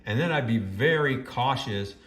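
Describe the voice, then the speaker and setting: A man's voice: mid-range voice, expressive, moderate pace, fairly bright tone, reverberant. A man reading a first-person story aloud and breaking off into judgmental, scolding commentary.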